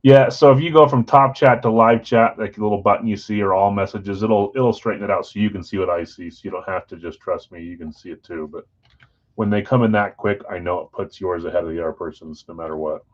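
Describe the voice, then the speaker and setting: Low-voiced man hosting a live card break. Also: a little fast, muffled recording. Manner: relaxed, chatty, talks straight to viewers by name. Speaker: host of a live sports card break stream. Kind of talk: casual live-stream chat, reading out team assignments.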